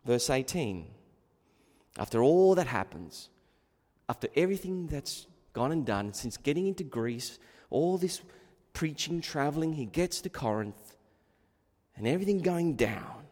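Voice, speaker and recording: Male preacher, unhurried delivery, quiet reflection rising to loud urging, long hall reverb. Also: fairly high pitch, very animated. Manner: swings from quiet musing to loud fervent exhortation. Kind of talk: expository sermon.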